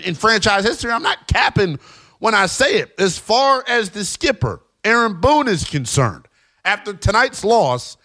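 A man's voice: high-pitched, fairly bright tone. A man hosting a sports talk show, giving emphatic, slangy opinions to fans.

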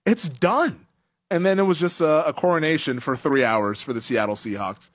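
Lively laughing sports radio man. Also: fairly high pitch, moderate pace. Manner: animated, laughs often, acts out quotes. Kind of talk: casual sports talk.

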